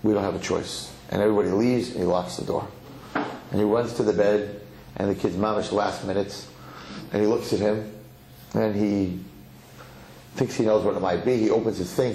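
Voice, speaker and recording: A man, a rabbi, telling a long story in an animated way and acting out the characters during a sermon. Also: fairly low pitch, roomy sound, a little hiss or hum, poor audio.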